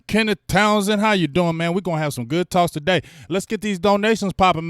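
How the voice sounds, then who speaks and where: Man, fan stream host, high-pitched, smooth clear voice, dry close mic, animated and shouty. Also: brisk, few pauses, no echo. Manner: animated, loud, shouting to chat. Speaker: livestream sports show host.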